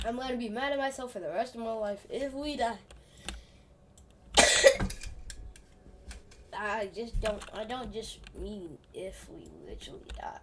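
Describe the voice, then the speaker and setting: A young woman gaming streamer giving excited live commentary on her game, swearing often and dropping to mutters. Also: a little high, slow, long pauses, heavy background noise. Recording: keyboard clicks and typing behind voice.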